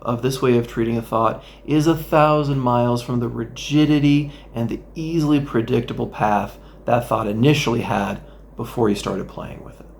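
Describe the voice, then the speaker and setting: A man speaking as a therapist, giving an instructional talk that guides the listener through a mindfulness exercise in a gentle way with playful asides. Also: mid-range voice, creaky, a little hiss or hum.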